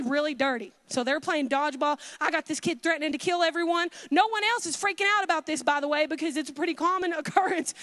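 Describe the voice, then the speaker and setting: A woman preaching a Pentecostal sermon, her voice high and fervent. She swings between loud exhortation and hushed, confiding asides. The sound is dry and close, with no room echo.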